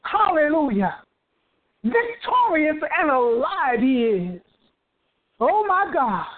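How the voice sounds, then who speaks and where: A woman's voice: sits high, very animated, slow pace, phone-quality sound. A woman preaching with fervor, breaking into hallelujahs and repeating phrases as she drives her points home. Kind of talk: fervent preaching.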